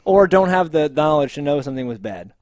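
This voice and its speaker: A man co-hosting a casual TV review chat, lively and chuckling as he quotes characters. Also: fairly high pitch, a little fast, dry recording, studio quality. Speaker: podcast co-host.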